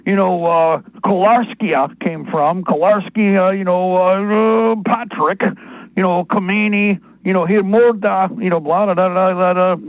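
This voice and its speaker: A man hosting talk radio in a gravelly, fairly high voice that wanders from point to point through long asides. The sound is squeezed into a narrow, phone-like band. The room is dry, with no echo. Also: steady tone, unhurried. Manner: rambling and digressive, with many asides. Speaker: radio host.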